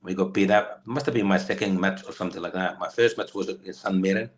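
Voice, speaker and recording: Finnish ex-footballer, 50s, deep voice, loose anecdotal delivery with lots of ums. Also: male voice, fairly even intonation, fast. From Finland. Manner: rambling, many fillers and restarts. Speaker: guest, former footballer. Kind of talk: storytelling interview.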